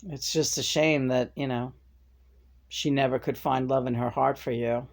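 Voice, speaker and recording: A woman's voice: extremely low pitch, fairly even intonation, normal speed. A middle-aged woman venting in a profane personal rant to her camera, her voice jumping up in angry bursts. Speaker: vlogger.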